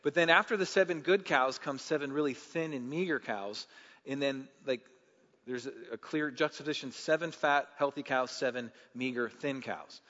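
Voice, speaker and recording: A man preaching a sermon as pastor, swinging between loud impassioned passages and relaxed storytelling with fillers. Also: medium pitch, moderate pace. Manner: rising to loud impassioned delivery, then easy conversational storytelling with fillers. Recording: dull sound with long hall reverb.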